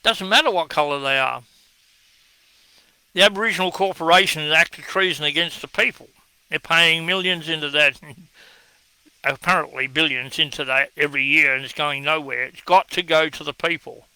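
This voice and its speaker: A man's voice: on the high side, normal speed, bright, forceful tone, smooth, no echo, rough recording. An Australian man speaking in a blunt, scornful way, giving a combative monologue as he answers viewer comments.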